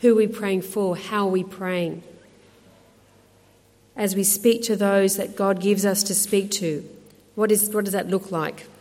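A woman with an Australian accent gives a conversational, animated sermon with chatty asides, ending in prayer. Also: mid-range voice, unhurried, long reverb tail. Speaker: speaker at a women's ministry talk.

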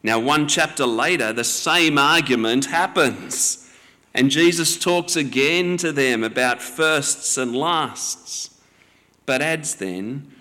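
Slow, measured male preacher in reverb. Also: mid-range voice. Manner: measured, gently teaching. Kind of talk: sermon.

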